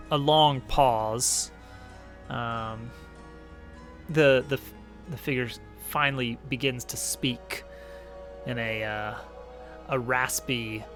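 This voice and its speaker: A man narrating as game master of a tabletop role-playing game, halting with many fillers and restarts. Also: medium pitch.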